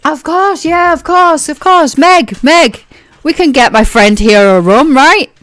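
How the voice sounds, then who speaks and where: A woman voicing a brash, macho, very strong woman who talks loud and boisterous. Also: high voice, a little slow, no room sound, voice pushed up. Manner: loud, boisterous, back-slapping.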